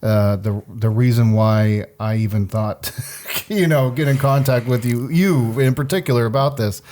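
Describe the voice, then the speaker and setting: A man co-hosting a podcast, talking reflectively in a halting way with many pauses and fillers. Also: mid-range voice, darkish tone, slight background noise. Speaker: podcast co-host. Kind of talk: casual conversation.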